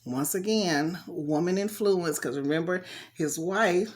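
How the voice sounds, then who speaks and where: A woman's voice: on the low side, a little slow, a little mellow. Chatty woman reading scripture. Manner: chatty, talks back to the story with slang asides. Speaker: Bible reader and commentator. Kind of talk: casual Bible reading with asides.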